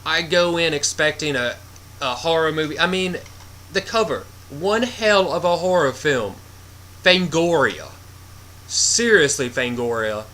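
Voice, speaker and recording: A man's voice: on the high side, unhurried. Blunt, rambling man reviewing a movie. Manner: rambling, blunt, swears freely, animated retelling. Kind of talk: casual spoiler review.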